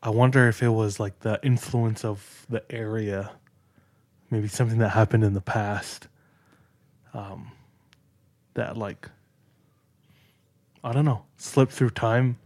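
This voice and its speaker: A man's voice: lowish voice, fairly even intonation, slow, pauses often, a little mellow, no room sound. A man chatting on a podcast, musing in a laid-back way. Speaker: podcast co-host. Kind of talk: casual chat.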